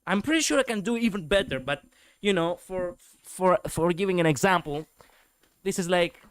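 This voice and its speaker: Rambling, swearing streamer with a smooth voice. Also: male voice, high voice, lively intonation, moderate pace, no room sound. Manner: rambling, many fillers, swears freely. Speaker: streamer reviewing lore videos. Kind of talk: casual reaction commentary.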